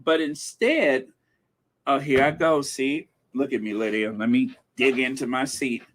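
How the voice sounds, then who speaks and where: Sarcastic, animated man commentator. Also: fairly high pitch. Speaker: commentary channel host. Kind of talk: gossip commentary.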